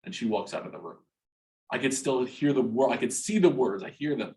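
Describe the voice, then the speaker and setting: A man in his forties from New Jersey, a guest in an interview, telling a personal story frankly and haltingly, restarting and repeating words and swearing freely. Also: medium pitch, animated, warm tone, low-quality recording. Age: 40s.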